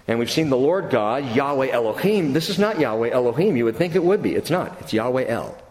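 A man preaching a sermon as pastor, reading scripture slowly and building to emphatic, lively bursts. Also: mid-range voice. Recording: roomy hall with long reverb.

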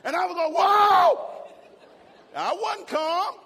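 A male pastor preaching a sermon in a church, switching between shouted exclamations and folksy jokes. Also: very high-pitched, animated, moderate pace, a faint crowd, slight background noise. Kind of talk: fiery sermon. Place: church sanctuary. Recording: long church-hall reverb.

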